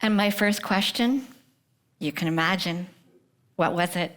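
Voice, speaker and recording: At a prayer breakfast, a middle-aged woman shares her personal faith testimony in a lowish, unhurried voice with long pauses. She speaks earnestly, often dropping to a hushed whisper, and asks the audience questions directly.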